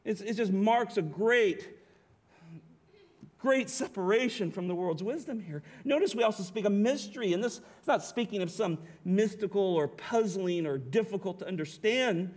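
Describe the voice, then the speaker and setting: A pastor preaching with a notably high-pitched voice. He leans hard on key words and keeps asking the congregation rhetorical questions. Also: animated, normal speed, a little mellow. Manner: emphatic preaching, rhetorical questions, occasional laughs. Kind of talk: sermon.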